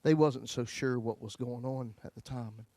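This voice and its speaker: A man's voice: medium pitch, moderate pace, dark tone, no echo. Male pastor, testimony sermon, folksy, big dynamic swings, mid voice, dry.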